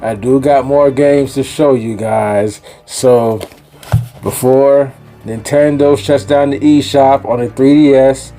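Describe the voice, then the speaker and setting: A man's voice: mid-range voice, fairly even intonation, slow, warm tone, soft background music. A man with a Jamaican accent, chatting casually as host of his own gaming vlog in a laid-back, slangy way. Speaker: gaming YouTuber.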